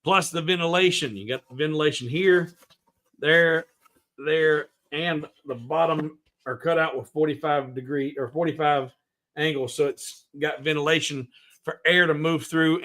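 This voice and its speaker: Southern US man hosting a livestream, fairly high and forceful voice, chatty, rambling, keeps restarting his sentences. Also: fairly even intonation, moderate pace. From American South. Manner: rambling, friendly, many restarts. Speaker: livestream host. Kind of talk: casual livestream chat.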